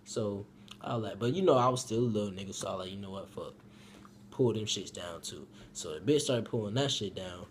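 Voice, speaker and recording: A man's voice: fairly quick, husky. Profane young man telling a wild story. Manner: profane and animated, swinging from loud outbursts to low mumbling. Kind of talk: casual story time.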